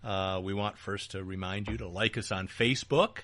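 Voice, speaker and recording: A man's voice: on the low side, moderate pace, fairly bright tone, no room sound. A man co-hosting a casual political talk show, joking and teasing his partner, with frequent fillers and restarts. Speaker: podcast co-host. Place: small back-room studio.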